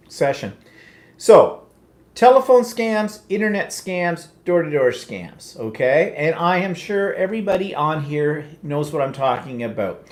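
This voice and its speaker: Co-host, male, lively teasing delivery, roomy echo on the mic. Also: fairly high pitch. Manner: chatty, teasing, keeps steering the talk back on track. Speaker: co-host of a live chat show. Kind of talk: casual livestream chat.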